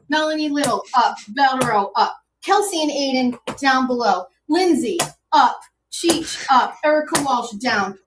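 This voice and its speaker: A woman on a played stream clip bluntly ranking people one after another. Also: high voice. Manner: blunt, rapid verdicts. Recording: distant with clear background noise.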